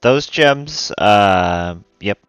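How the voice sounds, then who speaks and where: A man running a tabletop game as game master, talking slowly with many fillers. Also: fairly low pitch, animated, a bit bright, clean tone, no echo. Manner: slow, halting, many fillers. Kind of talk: narrating a live tabletop game.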